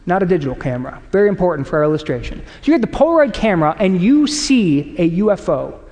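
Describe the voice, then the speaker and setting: A man's voice: high-pitched, quick pace. A man preaching a sermon to a congregation, talking in a conversational way and acting out quotes as he tells stories. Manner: conversational, animated storytelling with acted quotes. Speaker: pastor. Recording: long hall reverb.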